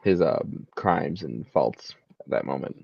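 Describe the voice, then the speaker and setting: A man's voice: extremely low pitch, lively intonation, unhurried, creaky, a little mellow, slightly rough, dry recording, lo-fi sound. A man co-hosting a casual pop culture discussion over a video call. He rambles and restarts his sentences often. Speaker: podcast co-host.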